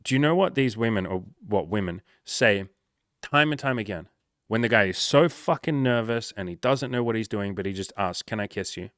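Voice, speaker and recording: A man's voice: on the low side, lively intonation, normal speed, a bit bright, no room sound, studio quality. A man working as a dating coach, giving casual, frank advice with energy and plenty of swearing.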